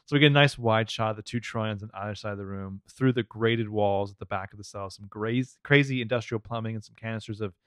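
Animated man recapping a show. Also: on the low side, fast, few pauses, no echo, clean studio sound. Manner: animated, rambling. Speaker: podcast co-host recapping a TV show. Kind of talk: casual chat.

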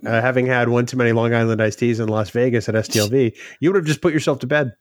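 A man co-hosts a casual podcast and needles his friend with dry, sardonic humor. His voice sits at an ordinary pitch. The recording is close and dry. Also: steady tone, fast talker, no room sound. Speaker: podcast co-host. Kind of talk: casual chat.

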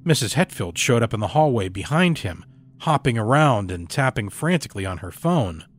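A man reading a horror story aloud in a measured, dramatic storytelling delivery. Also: mid-range voice, sing-song. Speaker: story narrator. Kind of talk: scripted horror narration.

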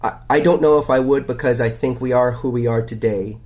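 A man's voice: mid-range voice, fairly quick, darkish tone. A male guest in a casual podcast conversation, thoughtful and hesitant, often repeating words as he works through his ideas. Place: hotel room.

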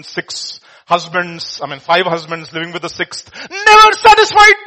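A man's voice: high voice, pushed and bright. A man preaching a sermon. He speaks emphatically and keeps asking the congregation questions. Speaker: pastor.

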